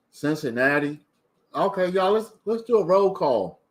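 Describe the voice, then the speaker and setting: A man's voice: a little high, expressive, a little slow, a bit bright. A man from Maryland hosting a casual livestream, chatting and reading out viewer comments. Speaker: livestream host.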